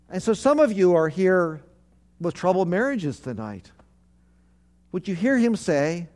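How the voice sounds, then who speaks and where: High-voiced man preaching a sermon. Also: very animated, moderate pace, a little mellow. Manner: call-and-response preaching, congregation repeats phrases; earnest, repetitive emphatic phrasing. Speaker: pastor.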